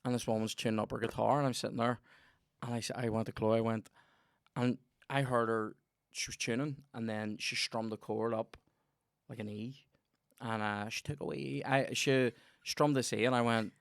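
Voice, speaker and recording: A Northern Irish man telling sweary, animated stories in a casual comedy podcast chat. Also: mid-range voice, moderate pace, gravelly. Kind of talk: casual banter and storytelling.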